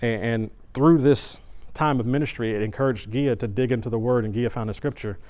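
A middle-aged man preaching at a church service, telling a personal story in a conversational, animated way with frequent restarts. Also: mid-range voice, fairly quick.

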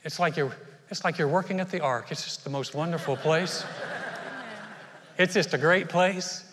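A man preaching a sermon as pastor, animated and acting out short voices in his stories. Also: on the high side, moderate pace, big-room sound, a crowd in the background.

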